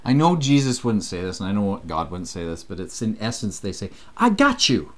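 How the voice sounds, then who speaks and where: A man leading a casual scripture study lesson, animated and acting out the voices he quotes. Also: fairly low pitch, brisk.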